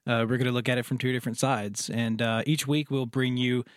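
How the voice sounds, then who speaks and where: A man's voice: medium pitch, fairly even intonation, a little fast, no echo, studio quality. Joking man co-hosting a podcast. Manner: joking, asks clarifying questions. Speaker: podcast co-host. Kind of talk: casual chat.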